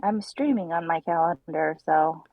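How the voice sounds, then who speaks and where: A woman's voice: deep voice, a little slow, dry recording, phone-quality sound. A woman co-hosting a live stream, chatting casually and answering in short, dry remarks.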